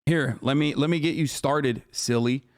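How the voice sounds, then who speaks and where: A man's voice: medium pitch, moderate pace, no echo. A man in his thirties doing live-stream reaction commentary, ranting at his chat in a profane, combative way on a close streaming mic.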